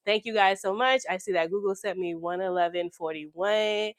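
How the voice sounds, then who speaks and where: A slightly hoarse woman, chatting excitedly with viewers while walking through her budget at home. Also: mid-range voice, moderate pace, hardly any pauses, no room sound, clean studio sound. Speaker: budgeting YouTuber. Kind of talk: casual chat while budgeting. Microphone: desk microphone.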